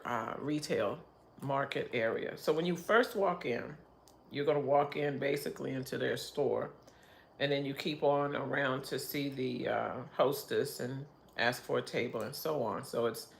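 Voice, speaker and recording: Gravelly chatty middle-aged woman. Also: a bass voice, a little slow, slight background noise. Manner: chatty, rambling, laughs often. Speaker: livestream host. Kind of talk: casual livestream chat.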